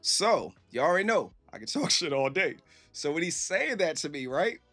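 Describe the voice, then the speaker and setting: A man and gaming streamer telling stories to viewers in a casual, animated, profane way. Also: fairly high pitch, moderate pace, soft background music. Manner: animated, profane, acts out quoted voices.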